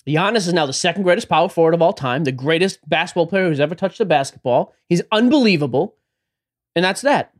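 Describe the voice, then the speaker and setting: A man co-hosting a casual sports-card podcast, upbeat and running through the rundown with quick asides. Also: on the high side. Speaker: podcast co-host. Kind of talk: casual podcast chat about sports cards.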